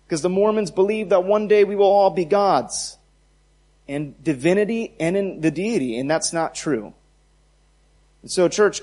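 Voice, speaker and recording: Emphatic preaching man, higher voice. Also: darkish tone. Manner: emphatic preaching with rising repeated phrases. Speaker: pastor. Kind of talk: sermon.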